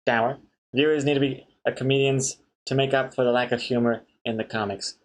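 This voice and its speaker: A comic artist streamer chats casually on a live stream, reading viewer messages aloud and laughing at jokes from the chat. His mid-range voice stays steady in tone and moves fairly quickly.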